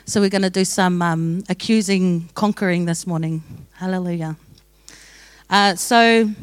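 A young woman speaks to a congregation, casual and joking, laughing easily between her thoughts. Her voice sits at a middle pitch and sounds close and dry. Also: no room sound. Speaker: church speaker sharing testimony. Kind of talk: sermon testimony.

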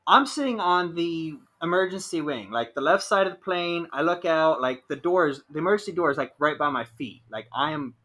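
Chatty young man, slightly high voice. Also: animated, normal speed, few pauses, fairly bright tone. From Ohio, USA. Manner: rambling storyteller, lots of "like". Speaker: podcast co-host. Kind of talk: casual chat.

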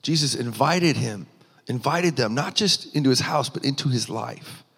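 A man's voice: mid-range voice, expressive, moderate pace, vocal fry, fairly bright tone, slightly rough. Man preaching in a reverberant hall. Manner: earnest, rising with emphasis, frequent restarts. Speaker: pastor. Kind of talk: sermon.

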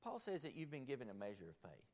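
A man preaching a sermon from a church sanctuary, swinging between loud bursts and hushed, quiet passages. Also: mid-range voice, wildly swooping pitch, quick pace. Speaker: pastor. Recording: long hall reverb.

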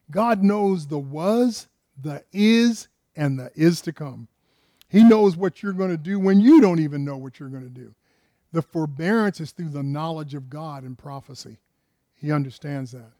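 A man's voice: on the high side, moderate pace, warm tone, dry recording, clean studio sound. A man preaching a conversational sermon, firing rhetorical questions at his listeners and often repeating words and restarting phrases.

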